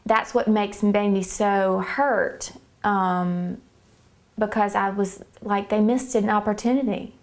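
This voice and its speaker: Earnest woman with a gravelly voice. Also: mid-range voice, fairly even intonation, slow pace. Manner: earnest, hesitant, many fillers. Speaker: church member giving testimony. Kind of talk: personal faith testimony.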